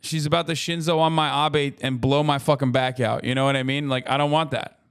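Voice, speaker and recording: A man's voice: medium pitch, little pitch movement, fairly quick, fairly bright tone, smooth. Profane, rambling male streamer. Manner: profane, rambling, joking asides. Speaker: streamer reacting to a video. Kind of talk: casual reaction commentary.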